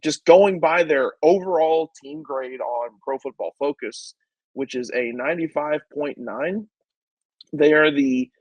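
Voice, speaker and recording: A man's voice: on the high side, darkish tone, no echo, low-quality recording. A man with a slightly raised voice talks through stats on a sports podcast. He is chatty and quizzes his co-hosts as he goes. The sound is dry and close. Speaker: podcast co-host, stats segment. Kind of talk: casual sports podcast chat.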